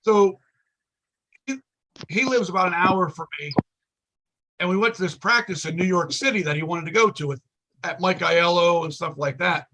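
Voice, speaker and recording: A man with a high, bright, gravelly voice and a slightly husky edge. He tells a rambling, profane story in casual chat and acts out each quoted line with gusto. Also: moderate pace, pauses often, slight background noise. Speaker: podcast guest.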